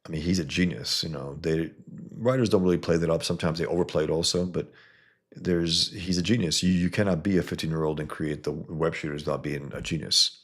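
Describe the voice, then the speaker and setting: A man's voice: low-pitched, fairly quick, breathy edge. A man casually reviewing a comic on a live stream, rambling with many fillers and restarts.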